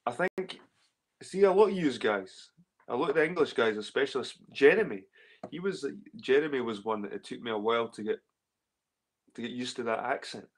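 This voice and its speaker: A Scottish man hosts a casual livestream, speaking fairly quickly in a medium-pitched voice with lively intonation. He reads and answers the chat, rambling, swearing and repeating himself.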